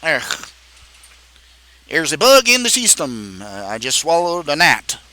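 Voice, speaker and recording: A man's voice: a little high, huge pitch swings, unhurried, bright, forceful tone. A man chatting on a live stream as a comic artist, rambling and joking in a made-up accent. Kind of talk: casual live-stream chat.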